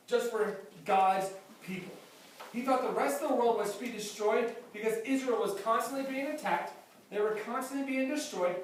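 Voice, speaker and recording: A man's voice: extremely high pitch, a little hiss or hum. A man preaching a sermon as pastor, emphatic and repeating his key phrases. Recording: very echoey hall, mic far off.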